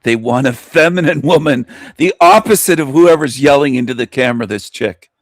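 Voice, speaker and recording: A man's voice: medium pitch, a little fast, no echo, clean studio sound. A man hosting a show, mocking a video he is watching in a scornful, insulting rant. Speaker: host reacting to a video. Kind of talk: mocking live commentary.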